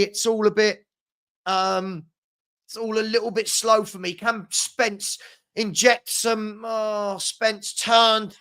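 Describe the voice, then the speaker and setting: A man hosting a live fan watchalong speaks in a high-pitched, fairly bright voice. As the match unfolds he keeps up partisan commentary, getting exasperated whenever his own side slips up.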